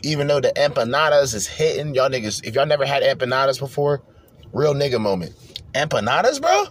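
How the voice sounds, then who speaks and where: A man hosting a podcast, ranting profanely as he reacts to video clips in bursts of loud, rambling talk. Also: mid-range voice, sing-song, a little fast, slightly rough. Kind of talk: profane reaction commentary rant.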